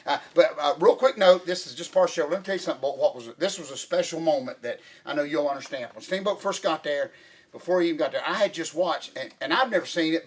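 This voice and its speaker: A middle-aged man hosting casual chat, excitable and rambling with many restarts. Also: on the high side. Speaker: podcast host.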